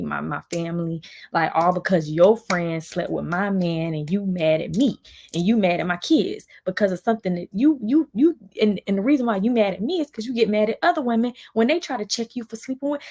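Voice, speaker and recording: Woman going off on her livestream, heated and repeating herself, kinda gravelly. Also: lowish voice, a little mellow. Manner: heated, fast, repetitive venting with frequent restarts. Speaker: vlogger on a livestream. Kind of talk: emotional livestream rant.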